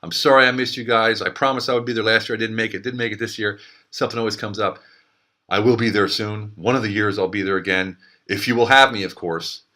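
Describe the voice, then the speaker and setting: A man's voice: lowish voice, steady tone, quick pace, sharp tone. Emphatic man giving a pep talk. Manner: emphatic, motivational, repeats himself with restarts. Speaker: network marketing speaker. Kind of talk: recorded video message. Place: Zagreb.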